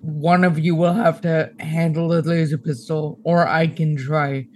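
A man's voice: a little high, level tone, unhurried, a little mellow, slight background noise. A man playing a tabletop game, laying out a tactical plan and stepping out of character to explain himself. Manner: planning tactics, mixes in-character whispers with out-of-character asides. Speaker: player.

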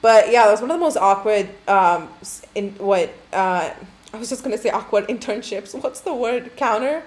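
Young woman, casual storytime, profane, rambling, filler-heavy, mid pitch. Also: normal speed.

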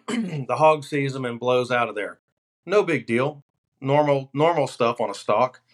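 A man with an ordinary middle-pitched voice tells hunting stories as a podcast guest. He talks loosely and with energy and lands his punchlines deadpan. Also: measured pace. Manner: animated, deadpan punchlines in anecdotes. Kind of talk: casual podcast storytelling.

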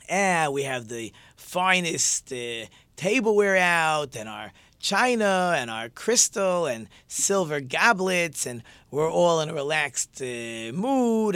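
Male teacher, religious lesson, slightly high voice, rhetorical questions, dry close sound. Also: a bit bright, no room sound. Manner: conversational, asks rhetorical questions.

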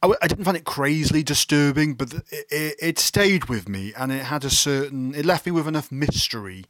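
Film podcast co-host, English man, wry and meandering, bright voice. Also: fairly high pitch, a little fast, dry recording. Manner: rambling, self-correcting, wry. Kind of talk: casual film discussion.

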